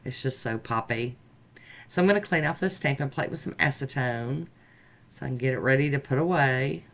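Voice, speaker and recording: A woman vlogger chatting upbeat and warm-heartedly as she talks viewers through each step of her nail art. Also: a bass voice, normal speed. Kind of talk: casual tutorial narration.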